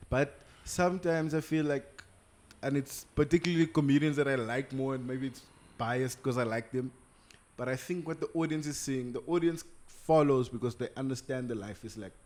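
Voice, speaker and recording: A man from Soweto, South Africa, a guest on a casual podcast chat, talking in a relaxed, laid-back way. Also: medium pitch, normal speed.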